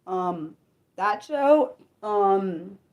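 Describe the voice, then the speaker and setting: Livestream host: woman, casual and rambling, pitch leaping up and down as she reacts to chat. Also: expressive, darkish tone. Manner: chatty, rambling, quick to exclaim and react to chat. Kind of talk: unscripted livestream chat with viewers.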